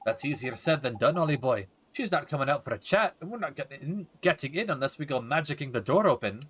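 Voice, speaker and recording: A man's voice: on the high side, animated, fast talker, a bit bright, a little hiss or hum. Drippy, a man doing a cheeky fairy sidekick. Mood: chummy. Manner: cheeky British slang.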